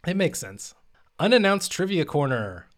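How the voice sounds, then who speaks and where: A man co-hosting a podcast, delivering a joke performance review in a deadpan, mock-official manner. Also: fairly high pitch, normal speed. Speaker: podcast co-host. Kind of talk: casual podcast banter.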